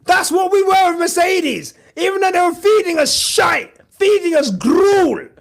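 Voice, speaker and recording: A man hosting a podcast, giving excitable, shouty live reaction commentary and swearing a lot. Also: very high voice, measured pace, gravelly. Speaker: podcast host.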